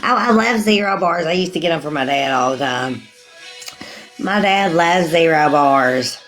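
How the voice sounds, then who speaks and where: A woman's voice: sits low, animated, normal speed, a bit bright, soft background music, low-quality recording. Chatty woman on a live stream. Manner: rambling, chatty, laughs often. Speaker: livestreamer. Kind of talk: casual live-stream chat answering viewers.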